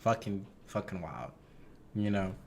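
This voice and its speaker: A man's voice: sits low, a little slow, vocal fry. A man with a Louisiana accent, a podcast co-host chatting casually and telling stories with lots of laughter and cursing. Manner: animated, laughs often, profane storytelling. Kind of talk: casual chat.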